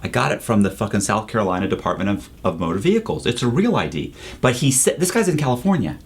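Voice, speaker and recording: A husky-voiced man in casual conversation, narrating a story with lots of energy and profanity. He slips into other people's voices as he quotes them and keeps calling his listener "bro." His pitch sits at an ordinary middle level for a man. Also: very animated, fast. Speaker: interview guest, former con man.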